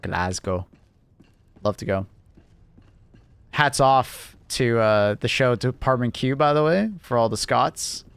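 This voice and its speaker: This young man's mid-range voice is gravelly yet a bit bright, clear and resonant, captured in a dry recording. He's live-streaming and chatting casually, rambling with many fillers and quick laughs.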